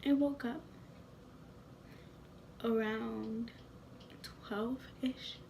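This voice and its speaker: A nineteen-year-old woman talking in a soft, tearful, often whispery way for a personal vlog. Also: on the high side, steady tone, drawn-out words, vocal fry, slight background noise. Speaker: vlogger.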